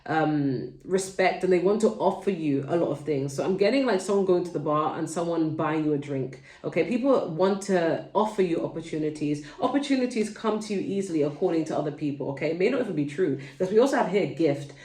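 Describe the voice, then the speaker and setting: A woman's voice: on the low side, animated, brisk, few pauses, warm tone, roomy sound, distant mic. A woman with a London accent giving a casual tarot reading at home, chatty and digressive, speaking straight to her viewers. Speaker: tarot reader.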